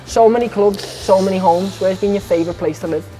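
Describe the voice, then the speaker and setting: A man's voice: sits high, warm tone, faint music behind. A young man with a Scouse accent hosting a casual chat, playful and full of banter. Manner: playful, banter-heavy, quick to laugh. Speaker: interview host.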